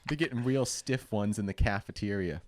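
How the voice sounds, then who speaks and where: A man's voice: fairly low pitch, a little fast, a little mellow. Man tossing out dry crude jokes. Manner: dry, crude one-liners. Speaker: podcast guest. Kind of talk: casual comedy chat.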